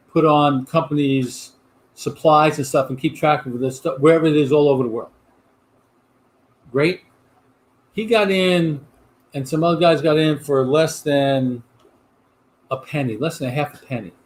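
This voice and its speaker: A middle-aged man, his voice sitting a touch high for a man. He hosts a casual livestream chat, rambling from one thing to the next and answering viewer comments as he goes. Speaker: host of a livestream chat show.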